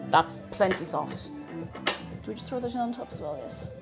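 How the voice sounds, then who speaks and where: A woman's voice: mid-range voice, very animated, moderate pace, gravelly. A young woman chatting casually and rambling while she bakes on a livestream, greeting viewers and poking fun at herself. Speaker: streamer. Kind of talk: casual baking livestream chat. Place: home kitchen. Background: faint music.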